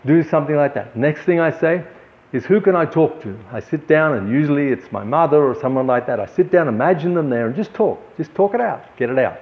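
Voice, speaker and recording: A man's voice: fairly high pitch, lively intonation. Earnest older man, tinny sound. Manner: earnest, slow and deliberate with long pauses. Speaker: art show host. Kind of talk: motivational talk to camera.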